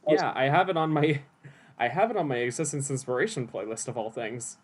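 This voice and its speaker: A man's voice: mid-range voice, fairly quick. A man chatting casually while playing a game together, with wry remarks. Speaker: co-host. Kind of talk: casual gameplay chat.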